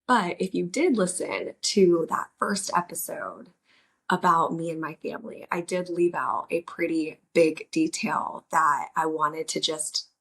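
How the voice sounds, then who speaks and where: A woman's voice: deep voice, animated, a little slow, a bit bright, slightly rough. A woman, hosting a reflective solo podcast and rambling with frequent restarts. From United States. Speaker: podcast host.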